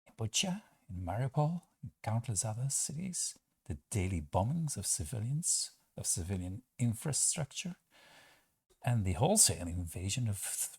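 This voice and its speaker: A man giving sarcastic political commentary, asking rhetorical questions and pausing on fillers. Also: on the low side, sing-song, a little mellow, breathy edge, dry recording. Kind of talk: opinion commentary over clips.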